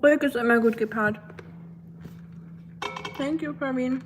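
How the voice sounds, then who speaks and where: Relaxed German woman streamer. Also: high-pitched, a little slow, slight background noise. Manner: relaxed, many ums, switches between English and German. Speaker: livestreamer. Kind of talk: casual livestream chat reading comments.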